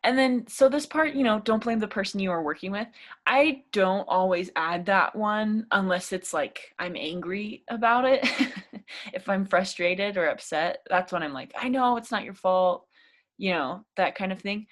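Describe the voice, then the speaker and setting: A young woman talks through an English speaking lesson in a relaxed, chatty way. She encourages the viewer warmly and fills her sentences with easy fillers. Her pitch sits in a middle range. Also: moderate pace. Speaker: English teacher. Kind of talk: casual spoken lesson.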